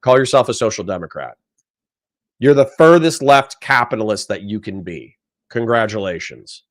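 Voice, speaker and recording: A young man hosting a casual livestream, reading chat comments aloud and reacting in a profane, animated way. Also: fairly low pitch, normal speed. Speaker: livestream host.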